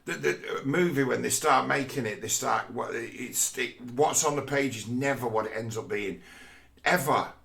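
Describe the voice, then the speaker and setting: A man's voice: mid-range voice, normal speed, gravelly, fairly bright tone. A man in a rambling, profane casual rant who often stumbles and repeats words mid-thought.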